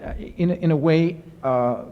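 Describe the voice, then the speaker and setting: A man, an author and professor, answering audience questions in lively storytelling with many restarts and fillers. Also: on the high side, measured pace, big-room sound. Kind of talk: casual spoken Q&A. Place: university lecture event. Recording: muffled 1970s archive recording.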